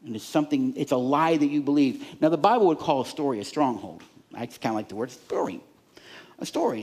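A male pastor preaching a sermon, animated, acting out the voices in people's heads and the fans in the stands. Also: a little high.

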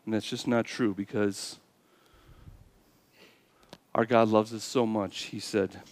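A man preaching a sermon with earnest storytelling, building to loud emphasis and then dropping to quiet, slowed phrases. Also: fairly low pitch, steady tone. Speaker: pastor.

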